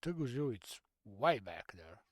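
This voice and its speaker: A man's voice: medium pitch, big pitch swings, normal speed, no room sound. Man muttering over a game, dry sound. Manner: mutters menu choices, non-native phrasing. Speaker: streamer. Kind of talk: casual gameplay commentary.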